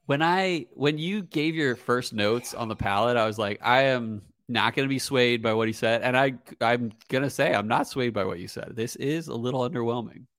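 Relaxed man giving whiskey notes. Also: mid-range voice, moderate pace, hardly any pauses, dry recording, studio quality. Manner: relaxed, hedging, many fillers. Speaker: co-host, whiskey reviewer. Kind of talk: casual chat.

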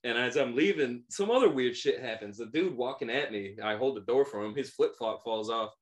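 This podcast co-host, a man in his thirties, speaks in a mid-range voice at a slightly fast pace. Animated and laughing a lot, he relaxes into a story and performs the quoted voices of its characters.

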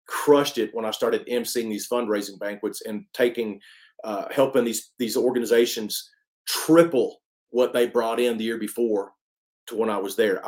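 A man's voice: fairly low pitch, a little mellow. A man from East Texas, a country singer telling his story as an interview guest in a casual, emphatic way with many restarts.

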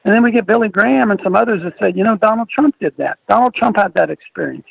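A man's voice: high voice, fast, creaky, slightly rough, dry recording. An older man hosting a Christian radio talk show, preachy and emphatic, repeating phrases for stress, with a dull dry studio sound. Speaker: radio host, ministry leader.

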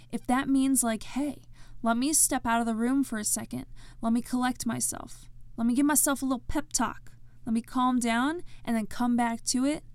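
A fairly high-pitched woman talks straight to the listener in a relaxed, slangy way and slows down to stress her points. The sound is dry and close, with no room echo. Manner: casual and direct, uses slang like dude. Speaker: vlogger giving anxiety advice. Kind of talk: casual advice talk to camera.

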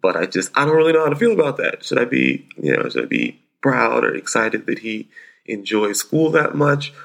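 A man's voice: medium pitch, very animated, normal speed, creaky, fairly bright tone. A man, a father in his thirties, telling a family anecdote casually with a wry, easygoing manner. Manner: wry, easygoing storytelling with frequent restarts.

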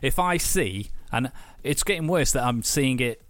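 A man's voice: medium pitch, measured pace, dry recording. A man, co-hosting a casual podcast, telling stories with lots of swearing. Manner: sweary, animated storytelling. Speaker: podcast co-host. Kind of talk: casual chat.

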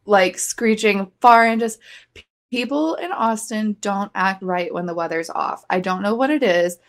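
A young woman from Georgia, co-hosting a podcast, tells a rambling story in a mid-range voice at a measured pace. It's casual chat, packed with "like"s, fillers, and restarts.

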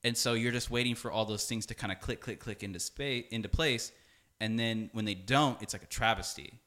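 A man's voice: fairly low pitch, a little fast. A young man, a music producer, talking as a guest in a casual conversation, full of "like" and acting out what people said. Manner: animated, fills speech with "like", acts out quoted dialogue.

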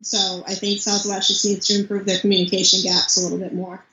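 Young woman guest on a podcast, bright tone, animated, echoey room, bit muffled. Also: mid-range voice, fast talker. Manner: chatty, animated storytelling with mimicked child voice. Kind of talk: casual interview chat.

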